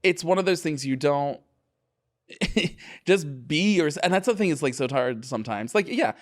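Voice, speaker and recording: A man's voice: fairly high pitch, expressive, a little slow. A young man co-hosting a casual podcast, wry and teasing, with dry quips. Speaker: podcast co-host. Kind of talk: casual chat.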